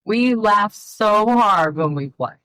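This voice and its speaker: A woman's voice: medium pitch, slow pace, clear, resonant tone, no echo, poor audio. A middle-aged woman, a filmmaker guest, telling rambling family stories in a casual interview. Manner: rambling, animated storytelling with fillers.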